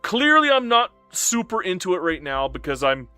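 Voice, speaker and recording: A man live-streaming a game, his voice bright and forceful and set somewhat high. He talks in a lively, swinging way, turning from joking to earnest as he chats with his audience, a little emotional and upset. The sound is dry and close, with faint music under it. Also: normal speed, clear, resonant tone, no room sound. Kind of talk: casual live-stream commentary.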